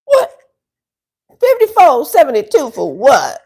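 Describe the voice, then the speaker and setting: A woman voicing an indignant grown man who balks loudly at a checkout bill, repeating himself in disbelief. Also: high voice, huge pitch swings, unhurried, voice pushed up, exaggerated voice. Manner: loud, incredulous repeating.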